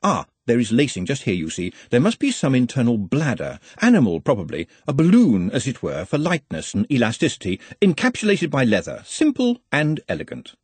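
Man voicing a pedantic young know-all, lively, husky, dry. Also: medium pitch, fairly quick, hardly any pauses, no echo.

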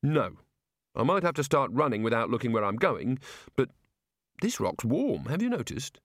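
A man's voice: mid-range voice, moderate pace, no room sound, clean studio sound. A man doing a tipsy rambling wizard. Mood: nervous. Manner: excitable, rambling.

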